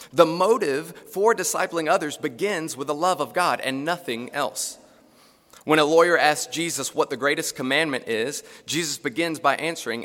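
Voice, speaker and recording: A man's voice: fairly high pitch, a bit bright. A man preaching a sermon, earnest and emphatic, building his points through lists and rhetorical questions. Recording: long reverb of a large hall.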